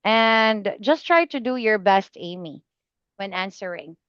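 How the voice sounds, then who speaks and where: Slow, patient woman tutor, clear voice. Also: mid-range voice, expressive, a bit bright, dry recording, lo-fi sound. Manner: slow, patient, repeats the student's name often. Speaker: IELTS speaking tutor. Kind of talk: one-on-one online lesson feedback.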